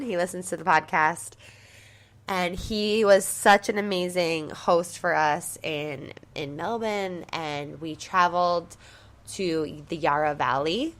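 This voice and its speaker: Bubbly low-voiced woman podcaster. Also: fairly bright tone. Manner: bubbly and gushing, many fillers like "like" and "so cool"; motivational, upbeat coaching tone. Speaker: podcast host and life coach. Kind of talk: casual podcast monologue.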